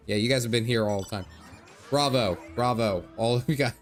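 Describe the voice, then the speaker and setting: A man's voice: medium pitch, steady tone, rapid-fire, soft background music. A man chatting casually on a game livestream, laughing often and reading game text aloud. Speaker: gaming livestreamer.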